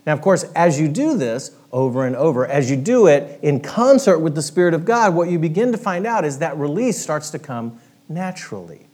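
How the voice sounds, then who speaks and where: A man preaching a sermon in a church, animated and interactive, guiding the congregation through a hands-on exercise. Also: on the high side, normal speed. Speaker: pastor.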